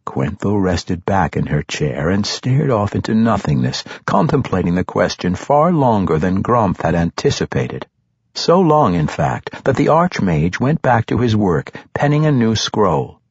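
A male narrator reads a fantasy audiobook slowly and expressively, with a lively, rising and falling delivery. His lowish voice is very husky. The recording is dry and dull, with a lo-fi sound. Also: no echo. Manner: measured, expressive storytelling.

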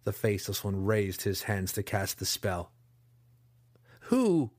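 A man narrating a fantasy audiobook in an expressive, dramatic storytelling style on a close mic. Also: deep voice, moderate pace, no room sound.

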